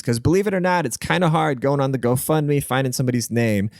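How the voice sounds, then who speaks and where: A man's voice: medium pitch, clear, resonant tone, dry recording, studio quality. A man hosting his own podcast, rambling through a crude, profane solo rant with jokey asides. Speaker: podcast host.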